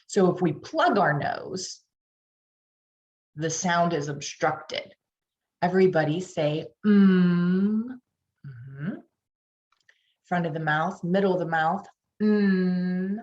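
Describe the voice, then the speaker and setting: A woman with a Pittsburgh accent, a reading specialist teaching tutors, sounding out phonemes and coaching listeners to repeat them. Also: low-pitched. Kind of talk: tutor training lecture. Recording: dull lo-fi online session audio.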